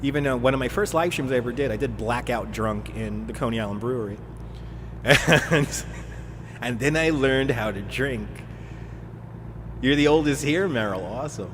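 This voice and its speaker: A man's voice: medium pitch, lively intonation, normal speed, background noise. A man in his forties chatting casually on a live stream while he drives in a truck simulator, laughing often and answering his chat. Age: 40s. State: drinking beer while streaming.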